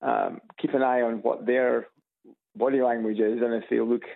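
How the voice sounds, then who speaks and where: Scottish guy from edinburgh calling into radio, gravelly husky voice, tinny phone line, lots of restarts. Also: medium pitch, flat delivery. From Scotland. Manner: halting, with many restarts and chuckles. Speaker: radio caller. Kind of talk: phone-in chat. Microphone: phone on loudspeaker.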